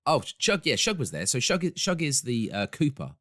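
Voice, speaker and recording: An Essex man co-hosting a podcast swings hugely in pitch from a medium baseline, talking fairly quickly with a slightly bright tone. He tells stories eagerly and laughs often in the casual chat, recorded dry at studio quality.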